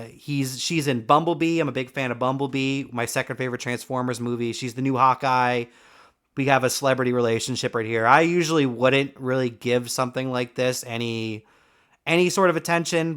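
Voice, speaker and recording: A man's voice: medium pitch, fairly bright tone, smooth. A man hosting a casual sports chat over a call, loose and joking, laughing often and swearing casually. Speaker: podcast host.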